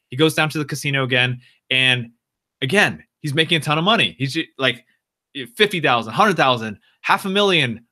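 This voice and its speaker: A man casually improvising a story on a live stream, halting and repeating words with frequent fillers. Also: mid-range voice, pushed and bright.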